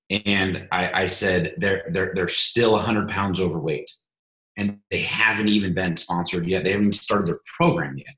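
A man hosting a team coaching call, motivational and energetic, often repeating his words as he builds up. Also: deep voice, moderate pace, reverberant, poor audio.

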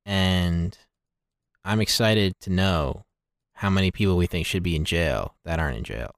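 A man's voice: low-pitched, normal speed, gravelly, no room sound, clean studio sound. A man co-hosting a podcast in a laid-back way, often giving short replies. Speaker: podcast co-host. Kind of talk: casual chat.

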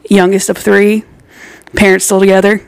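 A woman's voice: medium pitch, monotone, normal speed, gravelly. A young woman from Maryland, a guest on a comedy podcast, joking in a dry, self-deprecating way and giggling often. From Maryland, near Baltimore. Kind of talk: casual comedy podcast chat.

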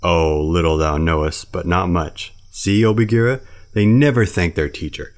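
A man's voice: deep voice, normal speed, close to an everyday voice. A man reading a storybook who voices an old brown bear, a stern but tender teacher who lectures solemnly. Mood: grumbling.

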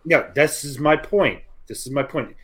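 A man's voice: fairly high pitch, moderate pace, a bit bright. A man co-hosting a podcast, trading dry sarcastic banter in casual comedic chat. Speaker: podcast co-host.

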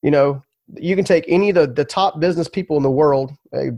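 A man's voice: fairly high pitch, quick pace, darkish tone, no echo. A man telling his story as a podcast guest, earnest and emphatic, often repeating words.

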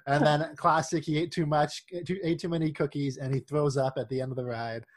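A man's voice: fairly high pitch, a little fast. Chatty man leading a show. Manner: animated, laughing, leads the discussion with questions. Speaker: podcast co-host. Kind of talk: casual chat.

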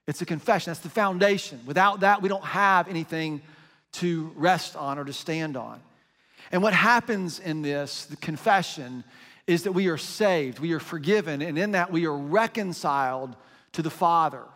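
Male pastor, high voice, conversational sermon with scripture readings, reverberant sanctuary. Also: normal speed, a bit bright. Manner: conversational preaching, reads scripture aloud.

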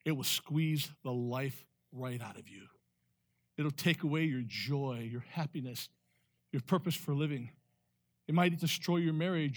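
A male pastor delivering a sermon, telling a story with sudden loud rises and hushed drops. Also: on the high side.

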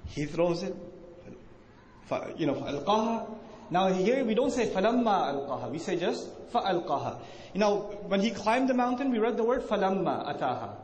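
A man's voice: sits high, very animated, quick pace, darkish tone. A man teaching a religious lecture to a live audience, asking them questions and answering himself, acting out quoted lines with emphasis. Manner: acts out quoted speech with rising emphasis. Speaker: Islamic teacher. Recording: echoey hall with faint noise.

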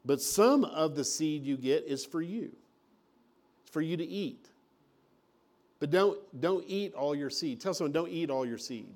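Male pastor, slightly high voice, folksy sermon delivery. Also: expressive, unhurried, long pauses, darkish tone. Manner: folksy preaching with acted-out mini scenes.

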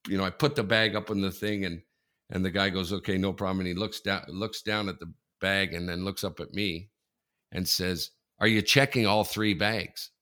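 Animated Canadian man telling stories. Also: low-pitched, brisk. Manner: animated storyteller, laughs through anecdotes. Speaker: podcast co-host. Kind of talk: casual chat, storytelling.

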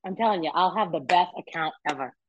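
A woman chatting as a podcast guest, expressive and bouncy, laughing often as she talks. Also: on the low side, fast, dry recording. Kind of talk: casual chat. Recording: dull, dry lo-fi sound.

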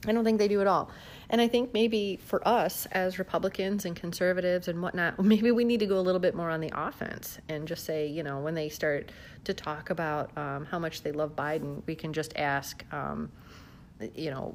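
A woman's voice: lowish voice, animated, normal speed, a little hiss or hum. A woman from the southern United States chatting casually into her phone at home, laughing often and using lots of fillers. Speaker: vlogger. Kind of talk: casual chat to camera. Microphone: phone held in hand.

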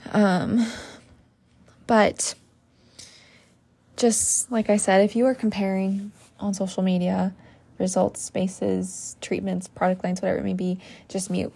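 Young adult woman, esthetician podcast host, gravelly fry, earnest and chatty, casual solo talk. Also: medium pitch, darkish tone. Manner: chatty and earnest, many ums and likes.

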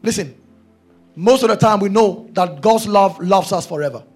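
A man's voice: high voice, moderate pace, slightly rough, soft background music. A male preacher delivering a sermon, emphatic and repeating his key phrases.

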